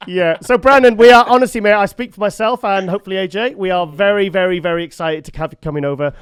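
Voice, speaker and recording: A man with a fairly high, smooth, resonant voice hosts a relaxed chat. The sound is close and dry, and he talks easily and laughs often. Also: quick pace, no room sound. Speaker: host. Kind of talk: casual chat.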